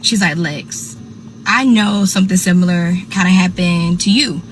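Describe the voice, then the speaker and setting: A young woman tells a casual storytime, animated, calling her listeners y'all and acting out what others said. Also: fairly low pitch, normal speed, slight background noise, low-quality recording. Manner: animated, addresses listeners as y'all, acts out quoted people. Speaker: host.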